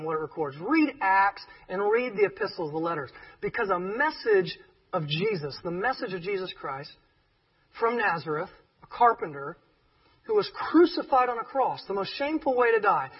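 A male pastor preaching with emphatic, joking energy. His voice sits high and swings widely in pitch, with a husky edge. The recording sounds dull and distant, as if captured away from the mic. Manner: emphatic, animated, with joking asides. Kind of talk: sermon.

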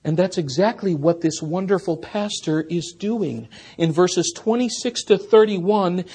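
A man preaching an expository sermon as a pastor, earnest, rising to emphatic peaks and then dropping soft. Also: high voice, measured pace, hardly any pauses, slightly rough.

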